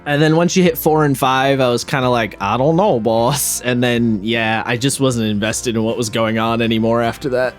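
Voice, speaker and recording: A man's voice: mid-range voice, steady tone, brisk, hardly any pauses, faint music behind. A man co-hosting a podcast in casual chat, rambling and wry, often breaking off mid-thought. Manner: rambling, self-interrupting, wry. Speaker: podcast co-host.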